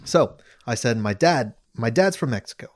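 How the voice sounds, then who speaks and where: A man's voice: medium pitch, moderate pace, no echo. A man casually telling a funny story on a podcast, laughing often. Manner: animated, laughing, slips into a mock British accent for quotes. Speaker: podcast host.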